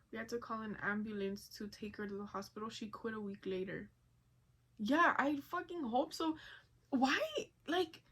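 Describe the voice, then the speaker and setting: A woman vlogger giving casual reaction commentary in an animated, profane way, with frequent laughing asides. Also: a little high, rough recording.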